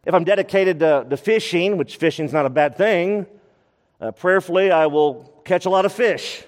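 Man preaching, fairly high voice, expressive and emphatic, slows for key words, long hall reverb. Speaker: pastor. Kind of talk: sermon.

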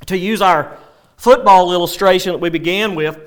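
A male pastor preaching a sermon, animated, with dry sarcastic asides. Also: sits high, a little fast.

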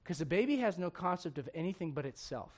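A man preaching a sermon as pastor, moving from quiet conversational asides to shouted emphasis and laughing with his congregation. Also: on the high side, sing-song, quick pace.

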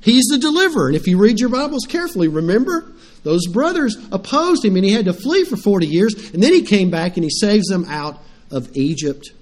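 A man's voice: high-pitched, sing-song, a little fast. A middle-aged man preaching a sermon as pastor, telling stories animatedly and putting questions to the congregation.

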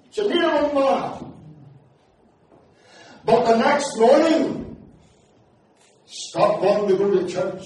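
A man's voice: very high voice, extremely slow, long pauses, a little mellow, slight background noise. A middle-aged man preaching a sermon, telling his story with passion and rising into fervent declamation. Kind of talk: evangelistic sermon testimony. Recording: echoey hall, distant mic.

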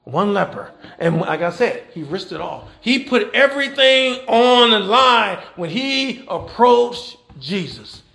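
A man preaching a sermon, animated and folksy, with rhetorical questions and repeated phrases. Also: high voice, slow pace, vocal fry, hardly any pauses, echoey room. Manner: folksy Southern American church phrasing. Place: church.

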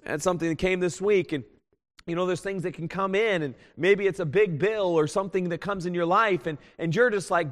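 A man preaching a sermon as a pastor, earnest and pleading, swinging from loud appeals to hushed tones. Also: high-pitched, a little fast. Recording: long hall reverb.

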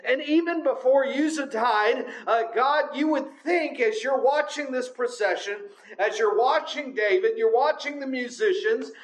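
A man's voice: extremely high pitch, a little slow, poor audio. A man preaching a sermon in a conversational way, with frequent filler sounds. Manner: conversational, many filler uhs.

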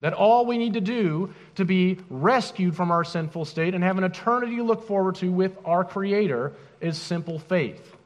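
Male pastor, high voice, lively pitch swings, emphatic sermon, long church reverb. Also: normal speed, hardly any pauses, highs cut off. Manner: animated, emphatic preaching with rhetorical questions.

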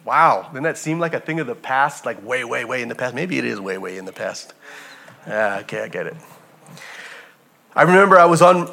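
A pastor with a mid-range voice preaches a sermon full of stories, speaking with animated energy and addressing the congregation as family.

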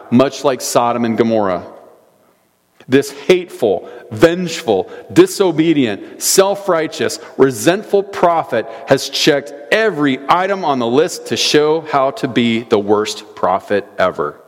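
Male pastor, mid-pitched, earnest sermon delivery, long church reverb. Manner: earnest preaching, reading scripture aloud with rhetorical questions. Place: church sanctuary.

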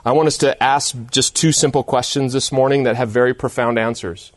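A man's voice: mid-range voice, steady tone, brisk, dry recording. A man delivers a sermon in a mid-range voice. He is earnest and emphatic, stressing his points through repetition. The recording is dry and close. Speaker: pastor.

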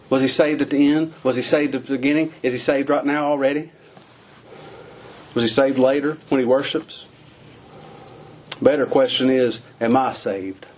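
Husky folksy man preaching. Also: medium pitch, a little mellow. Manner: folksy, questioning, with rural American phrasing. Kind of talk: sermon.

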